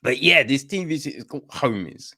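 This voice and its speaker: A man's voice: mid-range voice, animated, fairly quick, pushed and bright. A man hosting a podcast, casually talking through a play he watched and often checking in with "right?" and "you know?". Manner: conversational, keeps asking "right?" and "you know?"; apologizes to listeners after a coughing fit. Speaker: podcast host reviewing a play. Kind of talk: casual spoken review.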